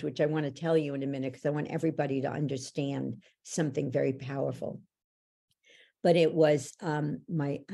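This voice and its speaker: A woman with a dark, gravelly voice sits low in her range as a podcast guest. She speaks slowly and emphatically, like a parenting educator telling stories. Her tone is husky rather than clear. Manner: emphatic storyteller, acts out voices in anecdotes. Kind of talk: conversational podcast interview.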